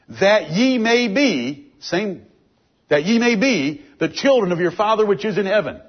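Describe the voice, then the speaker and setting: A man's voice: high voice, breathy edge. A man giving a verse-by-verse Bible teaching, reading out scripture verses and explaining them with emphasis. It is a dull, lo-fi recording.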